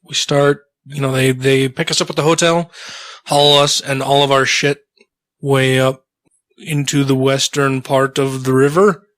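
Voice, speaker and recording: A man's voice: mid-range voice, level tone, unhurried, a bit bright, no room sound. A man co-hosting a podcast in casual chat, joking and swearing, his voice slightly strained. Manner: loose, profane, chuckling. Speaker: podcast co-host.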